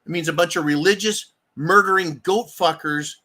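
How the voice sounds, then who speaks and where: With a pushed, bright voice that sits a little high, a livestream host vents in a heated rant at a moderate pace. He swears often and keeps addressing his audience as "folks."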